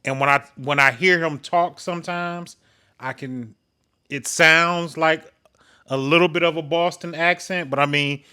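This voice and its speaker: A man with a Detroit accent, co-hosting a podcast and telling stories in a relaxed, blunt way. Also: on the high side, a little slow, clean tone. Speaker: podcast co-host. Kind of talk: casual chat.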